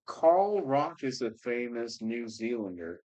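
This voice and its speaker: A man hosting a casual livestream, chatting with viewers and reading their comments aloud in a relaxed, rambling way. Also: mid-range voice, takes it slowly, low-quality recording. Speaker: livestream host reading scripture.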